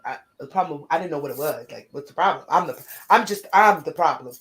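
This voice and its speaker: A middle-aged woman co-hosting a casual spiritual talk show, telling stories in quick bursts with restarts. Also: low-pitched, animated. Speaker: podcast co-host. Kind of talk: casual chat.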